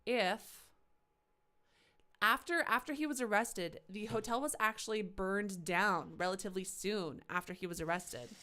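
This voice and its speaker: A woman's voice: medium pitch, a little slow, sharp tone. A woman streaming a game live, chatting with sarcastic asides about what she sees. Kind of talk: live gameplay commentary.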